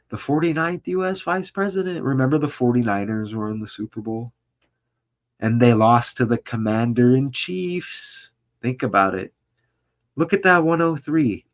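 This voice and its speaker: A male vlogger with a mid-range voice reads a news article aloud, breaking off to comment, stumbling over names and posing rhetorical questions.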